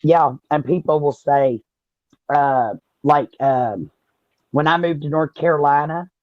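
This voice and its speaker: A woman's voice: deep voice, unhurried, no room sound, highs cut off. A woman from Southern Indiana with a Southern US accent, co-hosting a casual talk show with chatty, folksy storytelling. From Southern Indiana, USA. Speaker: podcast co-host. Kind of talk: casual chat.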